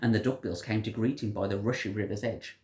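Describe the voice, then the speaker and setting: A storyteller reading a picture book aloud to a child in an animated, sing-song way. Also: mid-range voice, quick pace. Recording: roomy echo.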